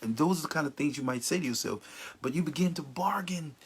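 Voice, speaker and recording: A man's voice: a little high, expressive, a little fast, husky. A man teaching about grief in an informal, earnest way, sometimes acting out the words of people in mourning. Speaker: grief counselor.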